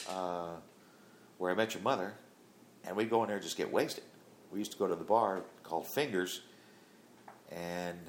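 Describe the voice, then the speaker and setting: A middle-aged man with a deep, low voice tells a long story from his past. He talks plainly and rambles, filling gaps with "uh" as he goes. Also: slight background noise. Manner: rambling, plain-spoken, many fillers. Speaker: father telling his life story. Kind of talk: casual storytelling.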